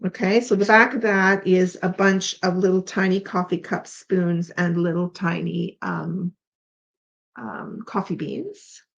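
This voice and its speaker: Her voice is low and gravelly, with little pitch movement and a measured pace. This middle-aged Canadian woman, tired and yawning, hosts a casual craft demo, chatting and thinking aloud with unsure asides. The recording is slightly dull and lo-fi.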